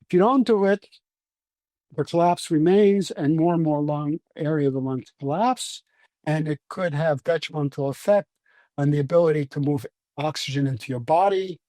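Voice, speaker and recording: Brooklyn guy, kinda high voice, patient explainer in an interview, dry room. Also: normal speed, warm tone, dry recording. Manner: patient, lecturing, with frequent restarts. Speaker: breathing scientist guest.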